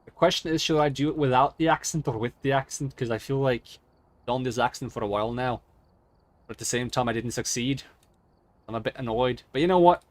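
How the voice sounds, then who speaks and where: Man voicing a brash swearing ghost hunter, loud show-off game persona. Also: mid-range voice, no echo, close to an everyday voice. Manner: boastful, profane and loud. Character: brash cursing male ghost hunter, boastful. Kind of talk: gaming stream commentary.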